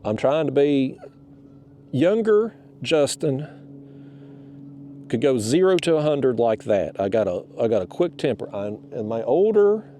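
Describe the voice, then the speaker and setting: A man's voice: mid-range voice, big pitch swings, unhurried, mellow, slight background noise. A middle-aged man tells a rambling, fired-up story to camera while fishing from a kayak outdoors, swearing freely. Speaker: fishing vlogger.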